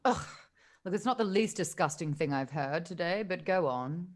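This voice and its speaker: A woman's voice: on the low side, expressive, normal speed. A woman voicing a snooty, greedy male tavern dealer with a haughty, disdainful drawl.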